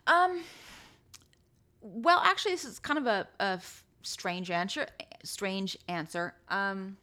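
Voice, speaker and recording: An American woman hosting a podcast, telling personal stories in a chatty, halting way with many fillers and restarts. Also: medium pitch, pushed and bright. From United States. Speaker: podcast host. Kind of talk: personal storytelling.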